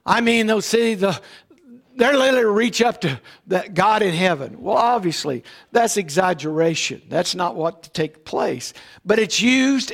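A high-pitched man delivers a Sunday sermon from the pulpit. He teaches in a loose, conversational way, stopping often to check in with his listeners. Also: a bit bright. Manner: conversational preaching with frequent "all right?" check-ins. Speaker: pastor. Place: church.

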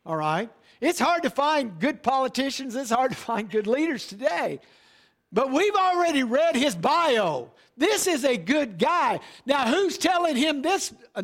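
A man's voice: high-pitched, gravelly, a bit bright. A middle-aged male pastor preaching a sermon emphatically, often checking in with "all right?".

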